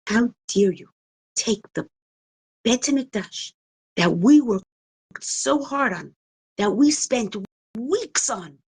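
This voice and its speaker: A woman's voice: deep voice, vocal fry, husky, voice pushed down, full character voice. An indignant mother voiced by a woman, hurling accusing questions one after another. Her voice rises and swells with outrage. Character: indignant mother, middle-aged, fiercely protective.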